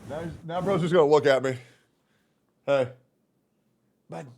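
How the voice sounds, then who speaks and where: A young man streaming from home, chatting casually with his viewers, swearing freely, and cooing in soft baby talk to his cat. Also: on the high side, a little slow, breathy edge. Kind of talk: casual live-stream chat.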